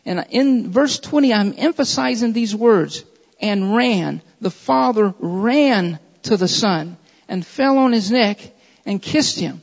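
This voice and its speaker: A man's voice: sits high, lively intonation, unhurried, gravelly. A man preaching a sermon with an emphatic, repetitive cadence, building his points through repeated phrases. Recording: dull audio with long hall reverb.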